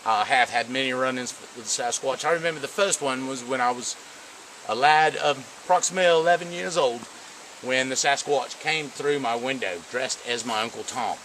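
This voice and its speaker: A man's voice: mid-range voice, normal speed, background noise, natural voice. A man playing a pompous, touchy self-styled male Sasquatch expert in an improvised comedy, recorded outdoors on a camera mic. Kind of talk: improvised comedy role-play. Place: outdoors in the woods.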